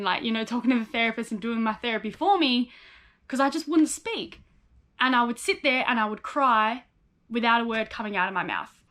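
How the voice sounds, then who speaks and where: A woman's voice: fairly high pitch, fairly bright tone. A young woman, a psychologist in training, frankly telling her own life story in a personal vlog. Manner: candid, frank, acts out remembered dialogue.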